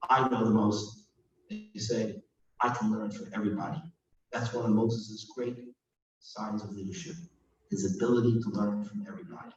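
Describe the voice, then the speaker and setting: A man leading a service, giving an informal sermon and reading scripture aloud, who often asks his listeners questions. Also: medium pitch. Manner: reads scripture aloud dramatically. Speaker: rabbi and cantor leading a service. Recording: distant mic in echoey room, dull sound, faint hum.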